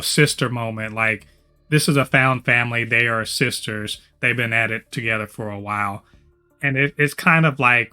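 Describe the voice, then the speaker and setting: A medium-pitched man co-hosts a casual TV review podcast. He talks in an animated, profane way, his voice jumping up loud whenever he gets excited.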